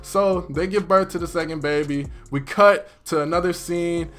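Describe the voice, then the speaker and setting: Chatty excitable man recapping a show. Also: a little high, normal speed, soft background music. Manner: chatty, excitable, full of "like" fillers. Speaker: YouTuber recapping a TV episode. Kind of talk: casual episode recap commentary.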